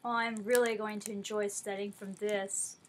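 A woman unboxing gifts in a casual vlog, gushing over each one and dropping to a softer tone when she explains. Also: mid-range voice, little pitch movement, normal speed, rough recording. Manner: gushing, effusive. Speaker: vlogger.

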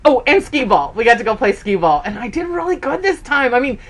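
A woman's voice: big pitch swings, brisk, a little hiss or hum. A woman in her fifties telling stories in a casual, chatty way, with lots of "okay"s, and jumping her voice up for quoted lines. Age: 50s. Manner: acts out quoted voices with big pitch jumps. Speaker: sewing vlogger. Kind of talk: casual chat.

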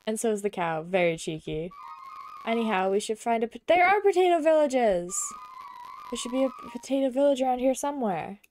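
Woman doing a mock British accent, prim fussy adventurer, high-pitched, loud, theatrical posh delivery. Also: sing-song, fairly quick, faint music behind. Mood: excited.

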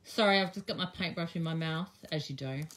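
Speaking a little fast in a low, slightly bright voice, an Australian woman who owns a shop and teaches crafts talks through a live demonstration, musing aloud and saying "um" a lot.

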